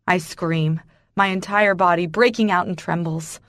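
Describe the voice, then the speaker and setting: A woman's voice: lowish voice, fairly even intonation, measured pace, a bit bright, dry recording, clean studio sound. A woman narrating a romance audiobook in the first person, with intense emotional storytelling.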